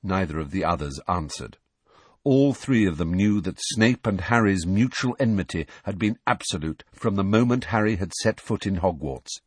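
A man's voice: deep voice, expressive, normal speed, slightly rough, no room sound. A man narrating a storybook aloud, reading expressively. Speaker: audiobook narrator.

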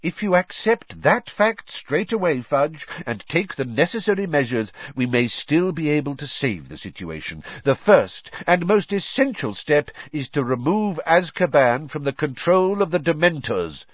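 A man's voice: on the high side, no room sound, voice pushed up. Dumbledore, grave old wizard read by a man. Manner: steady, insistent, measured. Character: calm, grave old male headmaster wizard. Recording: dry, dull lo-fi recording.

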